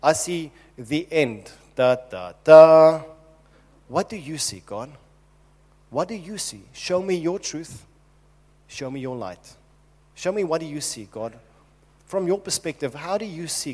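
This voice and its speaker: A man's voice: on the high side, expressive, normal speed, husky. A man preaching who voices King David as a desperate man pleading urgently with God. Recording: long hall reverb.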